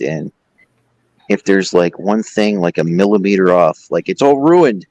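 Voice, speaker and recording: A man's voice: sits low, measured pace, no room sound, poor audio. A man hosting a casual group chat, joking and teasing the others as he riffs. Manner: joking, teasing, animated riffing.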